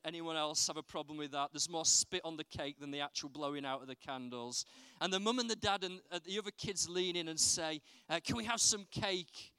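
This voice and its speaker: Guy preaching, high bright voice, lively storytelling, dry close sound. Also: clear, resonant tone, no room sound. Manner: animated storytelling with rhetorical questions. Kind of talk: sermon.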